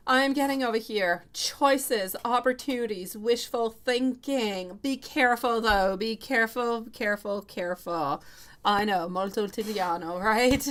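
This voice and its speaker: A woman's voice: medium pitch, a bit bright. A woman giving a live tarot reading, chatty and affectionate, calling viewers sweetie and love between giggles. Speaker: tarot reader.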